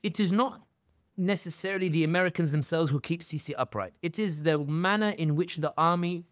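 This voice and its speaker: A man with a raised, fairly high speaking voice talks as a podcast guest, close and dry on a studio mic. He tells his stories with strong feeling and slips into the voices of the people he quotes. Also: a little fast, dry recording. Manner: animated storyteller, acts out quoted voices. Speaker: guest commentator. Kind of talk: podcast interview.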